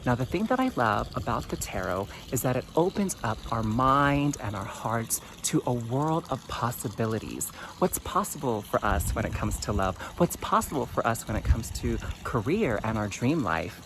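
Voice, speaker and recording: Sassy gravelly man reading tarot. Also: medium pitch, normal speed, hardly any pauses, noisy background. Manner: sassy, expressive, calls listener honey. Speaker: tarot reader. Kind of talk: pick-a-card tarot reading.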